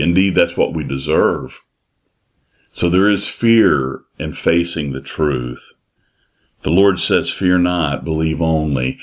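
A man preaching a sermon in a slow, emphatic way, repeating his phrases. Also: rumbling low.

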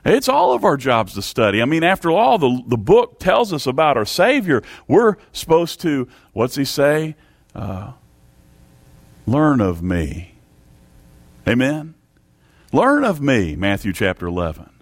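A man's voice: on the high side, very animated, moderate pace, gravelly, no echo. A man preaching a sermon, emphatic and repetitive, reading Bible verses aloud.

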